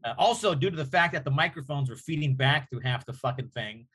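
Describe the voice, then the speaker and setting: A man, a comedian guest on a podcast, telling an animated, profane anecdote in casual chat. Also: on the high side, a little fast, husky.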